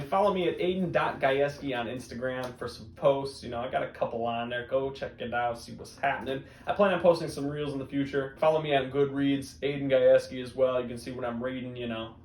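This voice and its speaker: A young man hosts a joking sports news segment, mostly deadpan but breaking into loud bursts. His voice sits a little high. It is recorded in an echoey room with faint noise behind him. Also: creaky. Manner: deadpan comedic delivery with sudden loud bursts. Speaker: host of a disc golf news show. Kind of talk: comedic news-style monologue.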